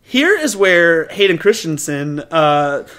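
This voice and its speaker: Man co-host with a notably high voice, chatty and playful. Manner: animated, jokey, quick to laugh. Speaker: podcast co-host. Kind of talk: casual movie review chat.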